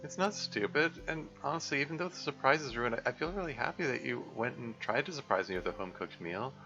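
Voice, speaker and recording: A man's voice: medium pitch, lively intonation, fast talker, lo-fi sound, over music, voice pushed up, lightly acted. A man voicing a kind, caring young woman who reassures her friend.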